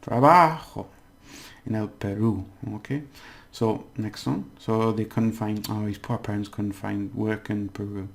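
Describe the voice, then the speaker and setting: A man giving a casual Spanish lesson, patiently repeating words slowly syllable by syllable. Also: fairly low pitch, flat delivery, gravelly, a little mellow. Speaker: Spanish language teacher. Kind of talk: casual spoken language lesson.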